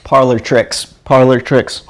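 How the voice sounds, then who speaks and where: A man from Mississippi, hosting a casual live stream and teaching in a rambling, chuckling way with halting restarts. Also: mid-range voice, flat delivery. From Mississippi, USA. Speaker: host of an energy healing live stream.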